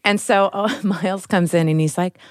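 A woman in her thirties hosting a casual chat, an animated storyteller who acts out the voices in her quotes. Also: medium pitch, moderate pace, clear, resonant tone, no echo, studio quality. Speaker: podcast host.

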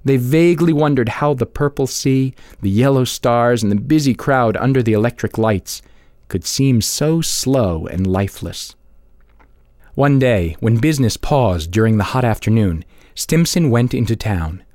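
Guy reading an old story out loud, super animated voice, dead dry recording. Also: medium pitch, measured pace, no room sound. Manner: expressive, varied delivery. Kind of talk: storybook read-aloud.

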